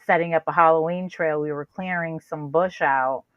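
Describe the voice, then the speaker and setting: A woman co-hosting a casual chat, telling a story with lively, animated delivery and jumping into high-pitched quoted voices. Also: moderate pace, no echo, dull audio. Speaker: co-host.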